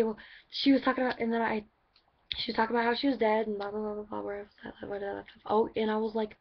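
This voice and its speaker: A woman's voice: medium pitch, level tone, racing, creaky, lo-fi sound. A woman telling a story in a casual vlog, rambling with lots of "like" and restarts. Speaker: vlogger.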